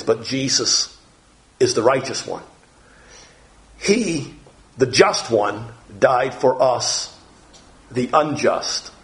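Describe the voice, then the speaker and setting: A man preaching a Bible lesson, reading scripture aloud and explaining it as he goes. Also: medium pitch. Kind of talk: Bible teaching.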